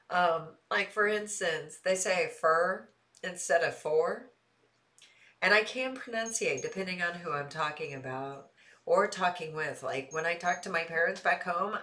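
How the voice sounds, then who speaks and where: A woman's voice: lowish voice, a bit bright. A woman from the Midwest with a Midwestern accent and a light Texas Southern twang, chatting casually and animatedly with her live-stream audience and laughing easily. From American Midwest. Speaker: streamer answering chat.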